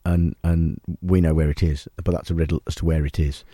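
A man hosting a talk radio show in a studio, delivering absurd items in a deadpan, mock-serious way. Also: very deep voice, fairly quick, no room sound. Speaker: radio host. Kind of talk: comic radio presenting. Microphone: studio microphone.

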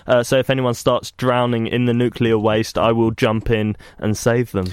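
Laid-back radio co-host, smooth voice. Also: male voice, medium pitch, little pitch movement, moderate pace, dry recording. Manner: laid-back, brief interjections. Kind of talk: casual radio banter. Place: radio studio.

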